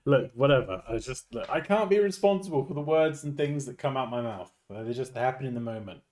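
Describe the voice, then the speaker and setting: A man hosts a relaxed livestream and cracks jokes with a friend off camera. His pitch swings up and down a lot as he teases and banters. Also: brisk. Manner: playful, jokey banter with lively pitch swings. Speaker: livestream host. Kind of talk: casual livestream chat.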